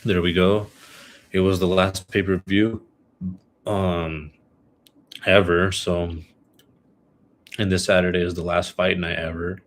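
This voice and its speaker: A man's voice: low-pitched, little pitch movement, takes it slowly, long pauses. A young man hosting a solo podcast, chatting about his week and sports picks in a rambling, laid-back way full of fillers. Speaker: podcast host. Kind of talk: casual solo podcast chat.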